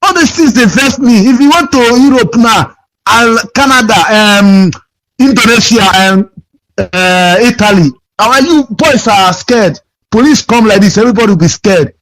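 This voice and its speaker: A man's voice: high-pitched, moderate pace, a bit bright. A Nigerian man calling in to a radio show, complaining in an aggrieved, repetitive, pleading way over a phone line. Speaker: caller.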